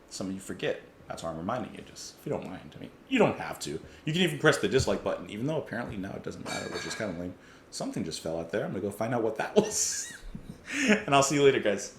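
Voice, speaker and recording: A man's voice: mid-range voice, roomy sound, slight background noise. A man hosting a casual music reaction, talking enthusiastically, often chuckling and thinking aloud with fillers.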